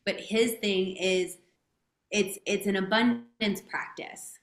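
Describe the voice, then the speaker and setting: A woman's voice: medium pitch, steady tone, takes it slowly, echoey room. A woman speaking as a guest coach in a podcast interview, talking casually and emphatically and swearing freely.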